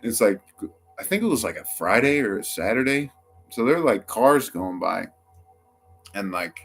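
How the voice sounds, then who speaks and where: Rambling young man, low voice, faint music. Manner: rambling, heavy use of filler "like"; swearing, quick quoted outbursts. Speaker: storyteller. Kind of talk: casual first-person story.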